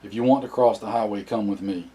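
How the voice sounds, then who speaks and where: A man reading the part of a calm, commanding male survivor in an audiobook, firm and direct, in a low, mellow voice. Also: fast talker, lightly acted.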